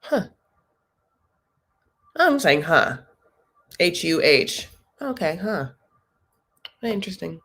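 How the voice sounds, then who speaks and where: A woman's voice: fairly low pitch, very animated, slow, long pauses, fairly bright tone, husky. Chatty, sassy woman hosting a reaction chat. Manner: chatty and sassy, jokes and asides, acts out quotes. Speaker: recap show host. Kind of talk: casual live reaction chat.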